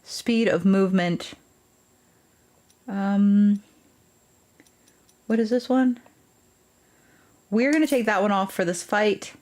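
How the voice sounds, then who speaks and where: A woman's voice: mid-range voice, measured pace, pauses often, darkish tone. A young woman streaming a game, chatting casually with viewers in a playful, rambling way. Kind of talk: casual live-stream chat.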